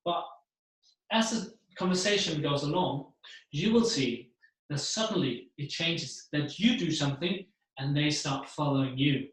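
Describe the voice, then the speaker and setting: Brief: male keynote speaker, animated, slightly high voice, very echoey room. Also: measured pace. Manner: animated, acts out the voices he describes. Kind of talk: seminar talk to an audience.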